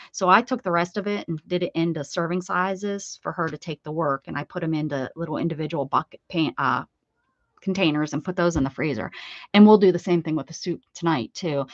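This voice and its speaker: Her voice sits low as this middle-aged craft livestream host chats casually, rambling and correcting herself many times. The recording is dry, dull and a bit lo-fi.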